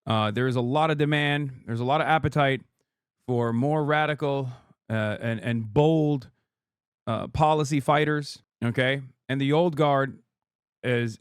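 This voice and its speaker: A man hosting a live-stream reaction, talking sarcastically with quick mocking asides. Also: mid-range voice, no room sound, studio quality. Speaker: streamer host.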